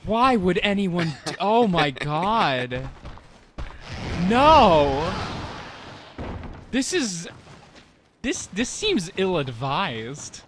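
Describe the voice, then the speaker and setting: Man, casual game commentary, slow delivery, slightly high pitch, hissy background noise. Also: very animated. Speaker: let's play guest. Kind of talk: casual group commentary over gameplay.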